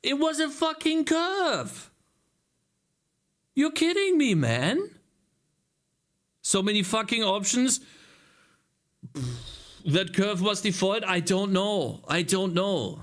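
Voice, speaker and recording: A man's voice: high voice, animated, takes it slowly, long pauses, fairly bright tone. A man developing a game while talking to himself, frustrated and swearing, his voice strained from screaming. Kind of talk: casual livestream coding commentary.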